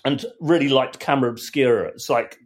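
A man hosting a casual music chat, speaking in a measured way and often stopping to restart his phrases. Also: medium pitch. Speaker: podcast host.

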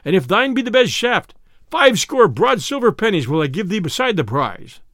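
A man's voice: high voice, sing-song, normal speed, fairly bright tone, no room sound, clean studio sound. A man voicing a proud, blustering sheriff in a storybook reading, with archaic exclamations. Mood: excited. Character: proud blustering middle-aged male sheriff.

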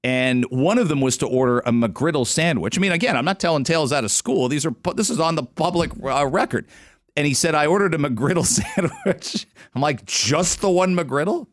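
A man's voice: a little high, huge pitch swings, fairly quick, no room sound. A man with a Canadian accent hosting a morning radio show, chatting and joking on air in a studio. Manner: chatty, joking, musing aloud. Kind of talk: casual radio talk. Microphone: studio microphone.

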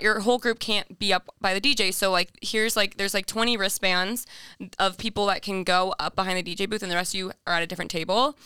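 A woman's voice: mid-range voice, bright, forceful tone, clear, resonant tone, no room sound, clean studio sound. A woman on a podcast telling a story in casual chat, chatty and filling her sentences with "like". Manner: chatty, fills every pause with "like". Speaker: podcast guest.

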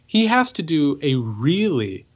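A man's voice: a little high, sing-song, measured pace, lo-fi sound. A man co-hosting a political commentary podcast, talking emphatically and sarcastically and hammering his points home by repeating them. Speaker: podcast co-host.

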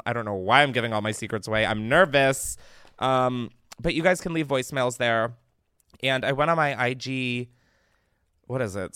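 A man's voice: medium pitch, fairly bright tone, dry recording. Young male podcast host, rambling self-mocking talk, close dry sound. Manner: rambling, self-deprecating, swearing. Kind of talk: casual comedic monologue.

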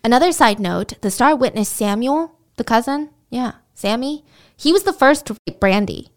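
A woman's voice: a little high, animated, normal speed. A woman host retelling a true crime case in a conversational way, with indignant asides. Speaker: podcast host.

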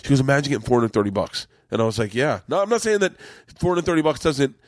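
A man's voice: mid-range voice, quick pace, no room sound. A middle-aged man telling a long rambling story in casual chat, swearing freely and acting out what others said. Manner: rambling, profane, acts out quotes. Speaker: podcast host, comedian.

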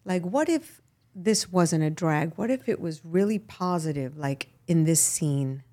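A middle-aged woman from Miami, a guest actress, chatting casually in an interview and telling animated stories with frequent laughs. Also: lowish voice, measured pace. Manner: animated storyteller, laughs often, lively asides.

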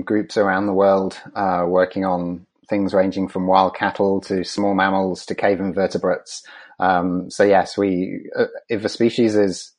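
Very deep-voiced man with halting speech. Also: a little mellow. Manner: hesitant, many ums and restarts. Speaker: conservation scientist guest. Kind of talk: interview answers.

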